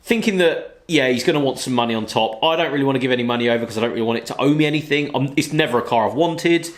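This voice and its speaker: A man's voice: medium pitch, racing. A man hosting a car channel, telling a story in a casual, rambling way full of "you know".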